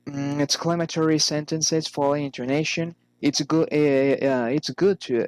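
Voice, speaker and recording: A man reading English pronunciation drills aloud, careful and halting, with frequent pauses. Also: on the high side, fairly even intonation, smooth, no room sound, rough recording. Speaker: English learner.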